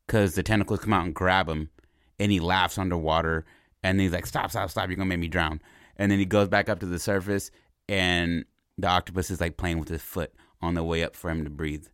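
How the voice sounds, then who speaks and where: Deep-voiced guy rambling thru a movie pitch, keeps saying right?, dry close sound. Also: no room sound. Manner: rambling and animated, repeats words, asks "right?". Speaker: podcast host pitching a movie idea. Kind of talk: casual storytelling.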